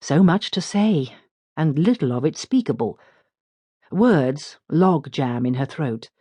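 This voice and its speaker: A woman reads a literary audiobook in a measured, expressive way. Her voice is low but rises and falls with great life, and the recording is close and dry. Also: breathy edge, dry recording. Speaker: audiobook narrator. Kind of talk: scripted literary narration.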